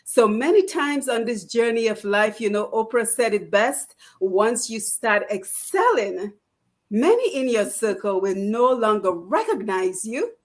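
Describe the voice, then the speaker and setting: A woman with a higher voice delivers a formal congratulatory speech. She speaks in an uplifting, oratorical way. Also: animated, unhurried. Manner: inspirational, oratorical.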